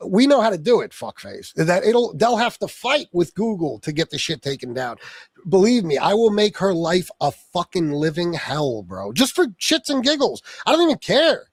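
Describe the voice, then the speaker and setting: A man's voice: sits high, very animated, normal speed, husky, no room sound. A man hosting a livestream, delivering a profane, taunting rant aimed at someone he insults by name. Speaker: livestream host.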